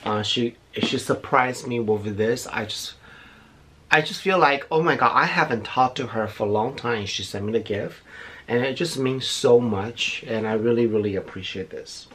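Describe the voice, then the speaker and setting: A man's voice: mid-range voice, normal speed, a bit bright. A middle-aged man, chatting effusively while unboxing gifts, a little out of breath. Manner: gushing, effusive, repeats himself. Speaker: beauty vlogger. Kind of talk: casual unboxing chat.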